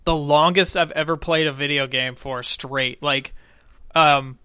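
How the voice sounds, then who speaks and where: Animated, bright-voiced young man. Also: fairly high pitch, unhurried, clean tone, no room sound, clean studio sound. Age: young adult. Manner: profane, animated storyteller. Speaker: podcast co-host. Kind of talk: casual chat.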